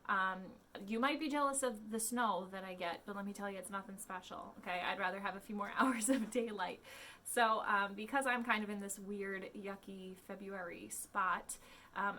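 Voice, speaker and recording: A woman's voice: medium pitch, pushed and bright, slight background noise. A young adult woman hosting a podcast, talking casually in a chatty, rambling way full of ums and likes. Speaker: podcast host. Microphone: podcast mic.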